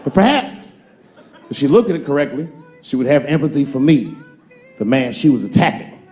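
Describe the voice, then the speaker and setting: A man in his forties performing a stand-up comedy set on stage, telling a long story and jumping into high-pitched voices for the characters. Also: animated, brisk, darkish tone, a little hiss or hum. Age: 40s. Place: large theater stage with a live audience.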